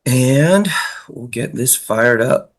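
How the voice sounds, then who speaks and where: Company founder guy on a zoom call, mid-pitch voice, quick short answers. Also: animated. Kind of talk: casual chat on a video call. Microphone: video call.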